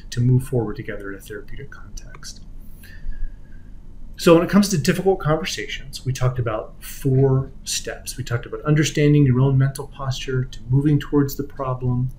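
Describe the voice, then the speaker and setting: A man lectures at a conference, explaining step by step in a voice that is neither high nor low. His phrases often fade to near a whisper at the end. A faint hiss sits under the recording. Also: low-quality recording. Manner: explanatory, acts out quoted voices, trails off softly at ends of phrases. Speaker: physical therapy lecturer.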